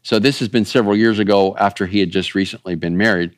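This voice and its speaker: A man's voice: on the low side, fairly even intonation, quick pace, dry recording, studio quality. A man preaching a conversational sermon, folksy and rambling, often turning to ask the listeners if they follow. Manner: folksy, rambling, asks the audience. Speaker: pastor.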